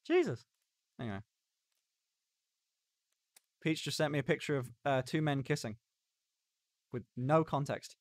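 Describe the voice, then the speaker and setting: A man's voice: mid-range voice, fairly even intonation, normal speed, pauses often, no room sound. A young man chatting casually on a live stream, rambling and stopping and starting as he reacts to chat. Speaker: livestreamer.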